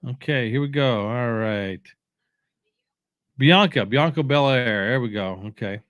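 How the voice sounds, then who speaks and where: A man's voice: mid-range voice, unhurried, a bit bright, no room sound. A man in the middle of his range chats casually and opinionatedly, stumbling over fillers and restarting his sentences. He sounds drowsy. The recording is dry and close, with no room sound. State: sleepy, yawning. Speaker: watch-along host. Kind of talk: casual rambling commentary.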